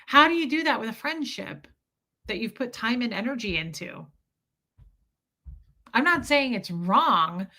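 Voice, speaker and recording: A woman with a bright, forward voice pitched a little high. She chats candidly on a livestream, laughing easily and swearing without hesitation while she responds to viewers. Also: expressive, unhurried, pauses often. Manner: candid and emotional, laughing often, frank with swearing. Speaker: livestream host. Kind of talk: casual livestream chat reading comments.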